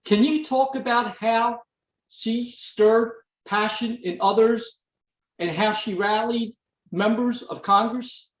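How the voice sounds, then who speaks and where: A man's voice: very high voice, fairly even intonation, slow, echoey room, distant mic, poor audio. A man asking questions in a radio interview, earnest and stammering on repeated words. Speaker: interviewer, dementia advocate.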